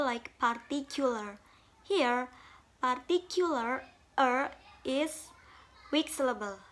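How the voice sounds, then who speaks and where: The speaker is a woman with a high-pitched, bright and forceful voice, carefully reading out a talk on syllables. She goes slowly, sticks to her notes, and uses the grammar of a non-native English speaker.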